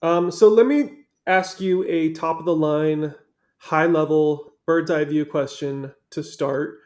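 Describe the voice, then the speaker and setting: A man hosting a casual livestream interview, relaxed and brief in his remarks. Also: a little high, slow. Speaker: host.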